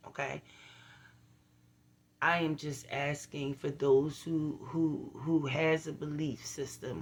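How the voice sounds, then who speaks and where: Blunt woman vlogging. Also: deep voice. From Philadelphia. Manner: earnest, blunt, preachy, with frequent "you feel what I'm saying" asides. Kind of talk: casual direct-to-camera vlog.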